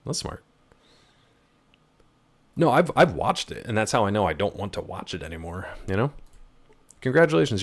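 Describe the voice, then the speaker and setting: A young man who streams games chats casually on a live stream, answering chat and jumping from topic to topic while he plays. His voice is low and creaky.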